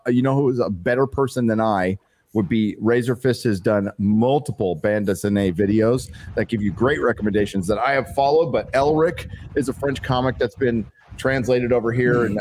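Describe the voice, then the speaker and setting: A man hosting a live stream, reading out donations and chatting in a joking, swearing, animated way. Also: medium pitch. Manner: animated, joking, swearing, reads superchats aloud. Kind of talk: casual live-stream chat.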